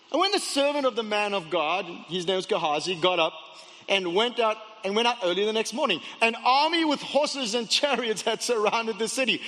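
A man's voice: high-pitched, sharp tone, long reverb tail. A man preaching a sermon, retelling a story with dramatic asides and stammered restarts. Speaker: pastor.

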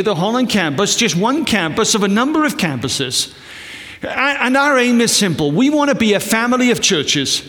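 A man's voice: high voice, a bit bright. A man, a pastor, introducing guests to his congregation in a conversational, joking way. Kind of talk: church service introduction. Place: church hall. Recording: long hall reverb.

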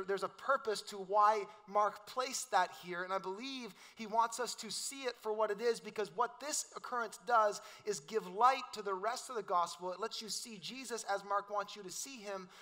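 A middle-aged pastor, preaching in a loose, joking, conversational way. His voice sits high for a man and rings bright and forceful. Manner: casual, joking, storytelling with quoted voices. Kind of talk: sermon.

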